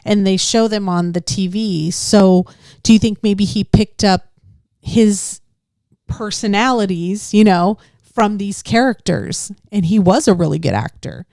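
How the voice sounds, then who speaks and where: A woman's voice: medium pitch, a little slow, darkish tone, no echo, studio quality. A woman in her forties co-hosting a podcast, talking in a chatty way and laughing often. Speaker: podcast co-host. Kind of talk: casual chat.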